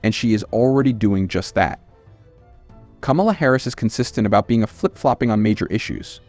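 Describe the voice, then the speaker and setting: A man with a fairly low voice reads scripted political commentary as the host of his channel. He sounds scornful and emphatic, pressing each point, with soft music playing under his voice. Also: fairly quick.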